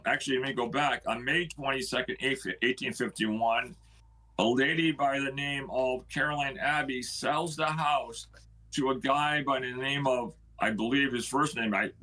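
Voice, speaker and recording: A man's voice: medium pitch, unhurried, sharp tone, rough recording. A middle-aged man, a homeowner, telling the history of his house in earnest, acting out the words of the people in it. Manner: earnest storyteller who acts out quoted speech. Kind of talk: storytelling on a live stream.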